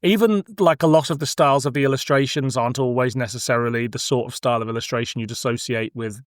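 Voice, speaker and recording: A man's voice: mid-range voice, fast, no room sound, studio quality. A man hosting a podcast, chatting easily, laughing along with his guest. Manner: easygoing, laughing along, brief agreements. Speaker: podcast host. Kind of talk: casual chat.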